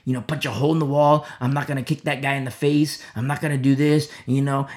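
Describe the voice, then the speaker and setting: A man preaching a sermon as pastor, swinging between loud emphatic lines and hushed near-whispers. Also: medium pitch, level tone, quick pace, hardly any pauses. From America.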